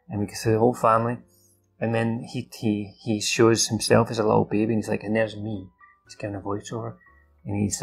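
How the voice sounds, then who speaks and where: A man's voice: on the low side, vocal fry. A man recalling a film from memory in a loose, rambling way, with many fillers, restarts and some swearing. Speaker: film recap host. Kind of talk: casual off-the-cuff recap.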